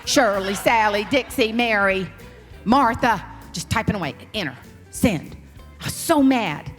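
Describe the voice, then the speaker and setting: A woman with a Southern US accent, a motivational speaker telling folksy, animated stories in a humorous keynote. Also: medium pitch, unhurried, big-room sound, faint music behind. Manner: animated, folksy, slips into character voices. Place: large hall on stage.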